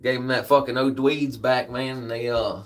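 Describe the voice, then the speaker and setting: Laid-back male streamer telling a story off the cuff, profane and rambling, average pitch. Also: steady tone, moderate pace. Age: adult with a daughter. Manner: rambling, profane, peppers speech with "man". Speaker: livestream host. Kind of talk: casual storytelling.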